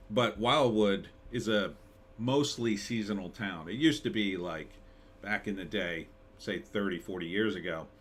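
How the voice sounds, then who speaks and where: A middle-aged man with a lowish voice hosts a live stream and chats loosely, full of ums, restarts and asides to the chat. His recording carries a faint noise bed behind him. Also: fairly bright tone. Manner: rambling, chatty, many fillers and restarts. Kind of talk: casual live-stream chat, reading chat comments.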